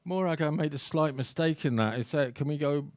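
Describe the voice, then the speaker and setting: A man's voice: fairly high pitch, brisk, darkish tone, a little hiss or hum. Songwriter guy joking about himself between songs at a small gig, dry and wry. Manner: wry, self-deprecating storyteller. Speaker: singer-songwriter performer. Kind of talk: stage banter between songs at a live show.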